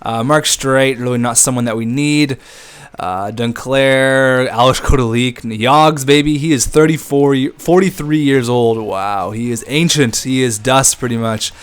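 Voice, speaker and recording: A young man giving casual, excitable commentary on a hockey video game, chatting to his viewers. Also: mid-range voice, unhurried, smooth. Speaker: gaming YouTuber. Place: home room at a desk with a squeaky chair.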